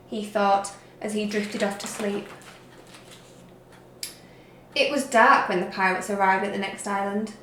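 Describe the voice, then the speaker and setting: A woman teacher reading a story aloud to young children, slowly and expressively. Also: mid-range voice, echoey room. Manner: slow, expressive read-aloud. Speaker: reception teacher.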